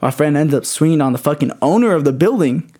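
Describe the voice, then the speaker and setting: A man telling a story among friends, animated and full of swearing. His voice sits a little high. He rattles along at a rapid clip. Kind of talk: casual storytelling chat.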